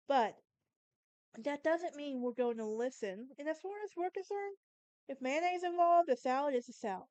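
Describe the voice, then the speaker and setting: Southern woman with a sassy, emphatic delivery, high voice, dry close sound. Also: darkish tone, smooth, no room sound. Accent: Southern American. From Southern United States. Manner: sassy, emphatic, talks straight to the listener. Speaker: podcast host. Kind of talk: casual monologue.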